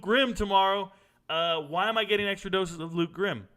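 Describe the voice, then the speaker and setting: A man's voice: sits high, moderate pace, fairly bright tone. A young man hosting a casual college football livestream, reading viewer comments aloud and answering them in a breezy way.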